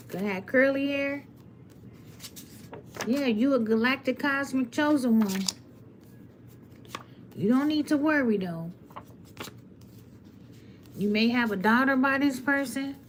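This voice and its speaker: A woman reading tarot on a live stream speaks slowly in a high voice, leaving long pauses while she lectures her viewers bluntly and preachily. The webcam or phone recording carries a little hiss or hum.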